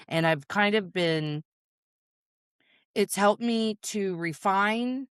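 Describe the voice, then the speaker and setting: A woman podcast host sharing a personal story in a candid, animated way during a casual conversation. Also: mid-range voice, measured pace, clear, resonant tone, dry recording, studio quality.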